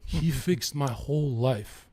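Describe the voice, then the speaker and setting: A man's voice: mid-range voice, slow pace, warm tone, slightly rough. A young man from western Canada, a podcast guest telling stories in a rambling, profane way. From Lower Mainland, British Columbia, Canada. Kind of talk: casual podcast chat.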